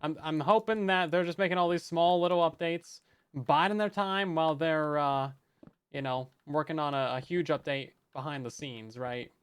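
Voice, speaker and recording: Casting: male streamer, slightly higher voice, clean and smooth tone, casual joking chat with stumbles and repeats. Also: moderate pace, fairly bright tone. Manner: chatty, joking, often repeats words as he restarts. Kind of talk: casual live-stream chat while gaming.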